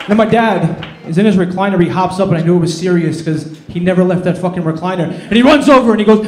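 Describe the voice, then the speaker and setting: A man's voice: high-pitched, fast talker, few pauses, a little mellow. A man doing a stand-up set on a comedy club stage, telling self-deprecating stories into a handheld mic. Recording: echoey club room.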